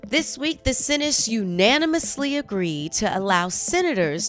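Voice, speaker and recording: A woman hosting a chatty news commentary show, animated and quick to exclaim. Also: on the high side, faint music behind. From United States. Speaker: host.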